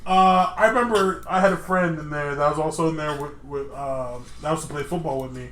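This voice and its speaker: Young male co-host, high voice, chatty storyteller who giggles at himself, recorded in an echoey room. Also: a little fast, fairly bright tone, a little hiss or hum. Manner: laughs through his own stories. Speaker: podcast co-host. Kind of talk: casual chat storytelling.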